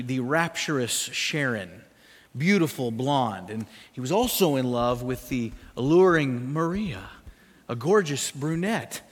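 High-voiced animated male preacher. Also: long reverb tail. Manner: animated, questioning, storytelling. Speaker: pastor. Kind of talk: sermon.

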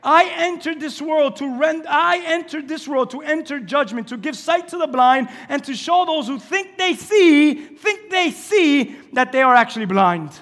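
A loving, earnest healer and teacher, as a pastor puts him on, declaring gently in a very high voice. His words ring out in a long church-hall reverb. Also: lively intonation, normal speed, hardly any pauses.

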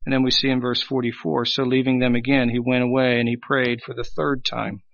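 A man preaching a sermon with emphasis, swelling on key phrases and dropping low at the ends. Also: little pitch movement, a little fast, gravelly, a bit bright, lo-fi sound. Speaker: pastor.

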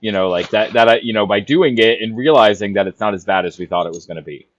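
A man's voice: on the low side, quick pace, no room sound. Reflective male podcast host, lo-fi. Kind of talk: casual conversation. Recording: dull lo-fi sound.

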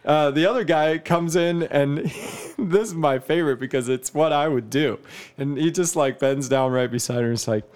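A man in casual chat, an animated storyteller who laughs often. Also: fairly high pitch, moderate pace, smooth.

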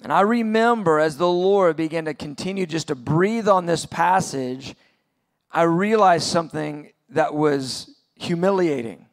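A man's voice: on the high side, measured pace. A middle-aged man preaching an earnest sermon at a conference, building to impassioned peaks. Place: large venue, conference session.

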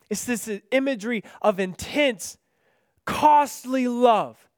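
A man preaching a sermon in an earnest manner, rising to impassioned pleas and then dropping soft and low. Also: dry recording, studio quality.

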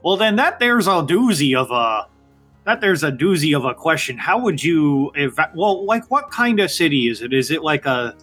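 A man's voice: fairly high pitch, big pitch swings, moderate pace, a bit bright, breathy edge, soft background music, exaggerated voice. A man voicing a folksy middle-aged Midwestern dad with a hesitant, stretched drawl.

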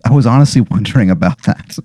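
A man's voice: fairly low pitch, fast talker, mellow, no room sound. A man in casual comic banter, reacting with dry interjections and playing along.

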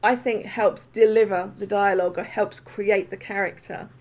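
A woman's voice: mid-range voice, steady tone, normal speed, a little mellow. Chatty woman podcast host on a video call. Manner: chatty, meandering, lots of fillers. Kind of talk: casual interview chat.

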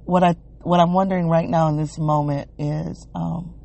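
A woman hosting a solo wellness podcast, thinking aloud in a halting, searching, emotionally open way. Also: low voice, flat delivery, creaky, dark tone, slight background noise. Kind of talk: reflective solo podcast monologue.

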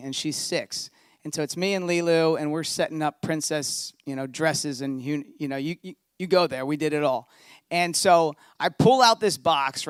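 Male pastor, thirties, slightly high voice, relaxed storytelling sermon. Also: smooth, no room sound, studio quality.

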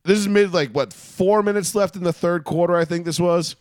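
Brief: male podcast co-host, profane and animated, raised-pitch sports chat, dry sound. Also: brisk, no echo. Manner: heated, profane, animated storytelling.

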